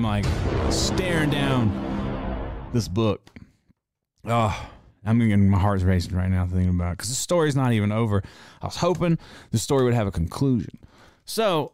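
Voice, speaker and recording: A man who runs a tattoo shop, hosting a casual monologue and telling a story in a profane, animated way. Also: lowish voice. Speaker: podcast host.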